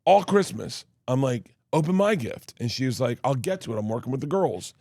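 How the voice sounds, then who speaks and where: Animated male comic storyteller. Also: medium pitch, brisk, creaky, dry recording, clean studio sound. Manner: animated, swings into loud laughing impressions. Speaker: guest storyteller.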